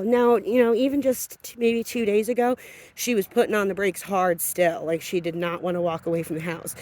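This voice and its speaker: Woman, dog trainer, outdoor walk-and-talk lesson; steady explainer, mid pitch. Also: moderate pace, no room sound. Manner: explains calmly, breaks into high sing-song praise for the dog. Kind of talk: instructional walkthrough while training. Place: outdoors on a street, walking a dog.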